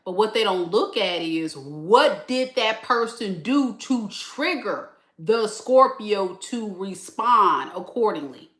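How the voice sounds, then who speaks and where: A woman's voice: medium pitch, expressive, takes it slowly, few pauses, a bit bright, roomy sound. A tired woman tarot reader, chatting casually and laughing in sassy slang during a live reading.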